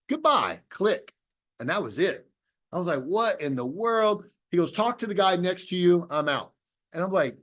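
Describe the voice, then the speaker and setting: A man's voice: high-pitched, a bit bright. A man giving a motivational talk to an audience over a video call, telling a story and acting out both sides of remembered conversations. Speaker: business opportunity presenter.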